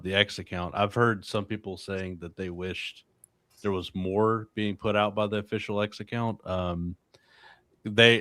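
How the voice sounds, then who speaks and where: A man hosting a casual livestream, talking in a relaxed, halting way with many fillers. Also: on the low side, no room sound. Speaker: livestream host.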